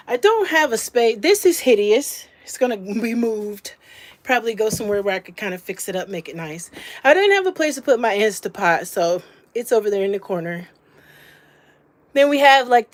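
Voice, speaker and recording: This vlogger, probably a grandmother, shows off her small camper while filming on foot, speaking in a chatty, homey way and often saying "little." Her voice is medium-pitched, with slight background noise.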